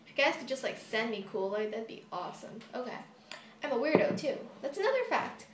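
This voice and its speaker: Brisk and a little high-pitched, with big swings in pitch, a young American model horse YouTuber chats through a Q&A vlog, rambling and giggling as she goes. She records on a phone set on a table; the room is echoey and a faint hiss runs in the background.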